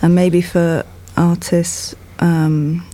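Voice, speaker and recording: A woman artist talking about her own work in a casual discussion, reflective and hesitant, with many pauses. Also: lowish voice, level tone, warm tone. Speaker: artist guest.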